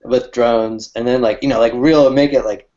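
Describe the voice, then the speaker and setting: A man co-hosting a casual chat with a fellow cartoonist, talking in a rambling, halting way and laughing easily. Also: mid-range voice, steady tone, dark tone, dull audio. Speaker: cartoonist co-host.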